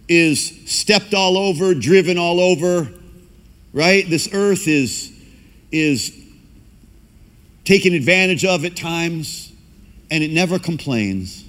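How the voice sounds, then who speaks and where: A man's voice: medium pitch, a bit bright. Guy pastor preaching, big church echo, acts out the voices in his stories. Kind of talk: sermon. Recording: long hall reverb.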